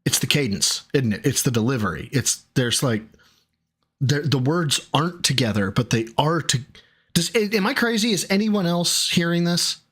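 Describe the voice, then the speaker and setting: A man streaming, pausing a clip to talk back at it in exasperated, profane casual commentary. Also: a little high, animated, a bit bright, husky. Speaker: streamer reacting to a video.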